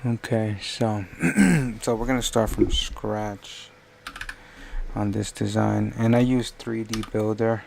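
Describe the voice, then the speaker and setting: A man's voice: fairly low pitch, slow pace, gravelly, darkish tone, a little hiss or hum. A man live-streaming while he works on a design, thinking aloud in a rambling, self-correcting way.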